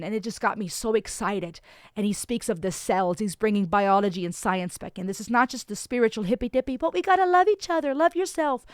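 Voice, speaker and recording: Woman, casual reaction vlog, effusive, emphatic, trips over words, mid pitch, dry close mic. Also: no echo. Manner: effusive, emphatic, with frequent restarts. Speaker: music reaction vlogger.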